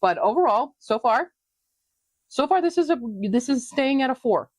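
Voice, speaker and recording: A woman casually talking through her reading progress in a home vlog, chatty and quick to laugh. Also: sits high, expressive, a little mellow, no room sound. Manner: chatty, laughs often, talks to her pets. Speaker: book vlogger.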